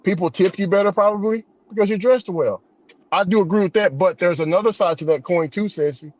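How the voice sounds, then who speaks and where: A man's voice: high voice, a little fast. A man hosting a casual chat, telling stories with animation and acting out the voices of the people in them. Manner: storytelling, animated, acts out quoted voices. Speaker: podcast host. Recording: dull lo-fi recording.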